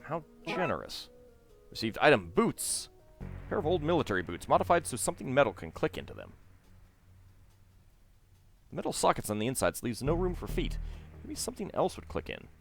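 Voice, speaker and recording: A man hosting a let's play, chatting as he clicks through a game and reads text aloud. His voice is bright and forceful, with lively rises and falls, and soft music plays underneath. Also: mid-range voice, normal speed, creaky, long pauses. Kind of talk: game commentary.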